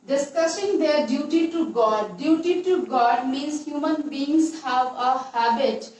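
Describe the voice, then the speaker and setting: A woman teacher, slowly explaining a poem to a class and repeating her points. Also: high voice, darkish tone. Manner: slow, repetitive explaining with restarts. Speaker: English teacher. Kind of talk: classroom poetry lesson. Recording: echoey room, voice far from mic.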